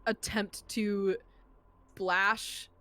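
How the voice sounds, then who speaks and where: A woman's voice: medium pitch, flat delivery, drawn-out words, bright, forceful tone. A woman playing a tabletop game, asking curious questions with hesitant fillers. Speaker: player.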